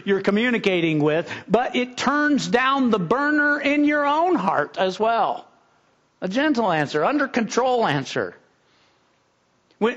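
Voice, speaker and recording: High-voiced earnest man preaching a sermon. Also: fairly bright tone. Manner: earnest, with frequent restarts and rising emphasis. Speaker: pastor. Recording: slightly dull lo-fi recording.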